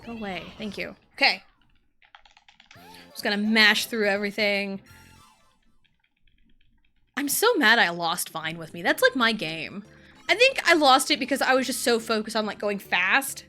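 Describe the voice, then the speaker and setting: A young adult woman streaming a party game live, swearing freely and swinging from frustrated yelling to low muttering. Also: animated, a little slow, long pauses. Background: game music.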